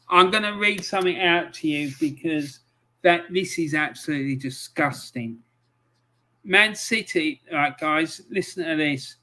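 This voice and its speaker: A man giving live match commentary on a stream, swearing often and breaking into angry outbursts between calm play-by-play. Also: fairly high pitch.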